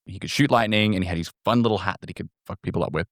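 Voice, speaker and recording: A man's voice: low-pitched, very fast, no echo, studio quality. A man co-hosting a podcast in casual chat, blunt and sarcastic, swearing freely. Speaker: podcast co-host.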